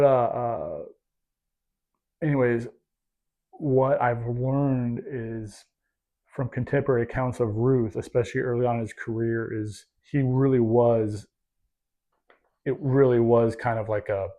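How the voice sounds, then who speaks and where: A man's voice: medium pitch, dark tone. A man co-hosting a podcast in casual chat, rambling and self-deprecating with lots of fillers. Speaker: podcast co-host.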